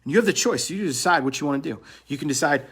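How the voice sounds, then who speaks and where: A man's voice: a little high, animated, fast, a bit bright, husky. A man coaching other men on relationships in a blunt motivational monologue, swearing and repeating phrases for emphasis.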